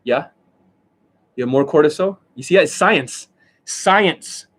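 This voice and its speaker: A man's voice: on the high side, expressive, unhurried, fairly bright tone. Profane, combative male dating coach. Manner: demonstrative, keeps asking "you see that?". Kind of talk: livestream rant.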